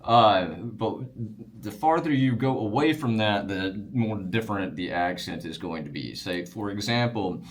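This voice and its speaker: A man's voice: fairly low pitch, lively intonation, measured pace. A man from the Wiregrass region of Alabama with a Southern drawl, casually explaining regional accents with frequent fillers and restarts.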